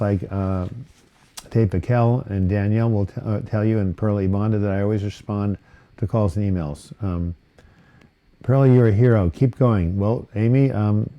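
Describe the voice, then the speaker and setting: A man's voice: fairly low pitch, dull audio. A man hosting a live viewer Q&A on mental health, rambling casually through comments with fillers and self-corrections. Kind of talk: casual live-stream chat, reading and answering viewer comments.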